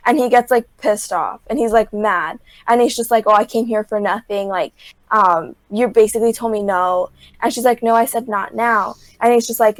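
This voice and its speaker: This is a young woman appearing as a podcast guest, her voice mid-range with no room sound around it. She casually walks through a reality show, leaning on "like" nonstop and dramatizing what everyone said.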